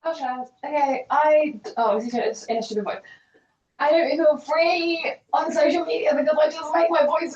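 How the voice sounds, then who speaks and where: Squeaky woman ranting in a silly voice. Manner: rapid venting, heavy swearing. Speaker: workshop participant. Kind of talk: silly exaggerated voice. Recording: distant, echoey, muffled call audio.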